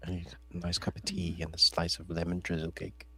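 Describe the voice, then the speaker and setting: A man co-hosting a casual live stream, chiming in with quick agreement and dry quips. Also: low-pitched, completely flat delivery, pushed and bright, breathy edge. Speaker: podcast co-host.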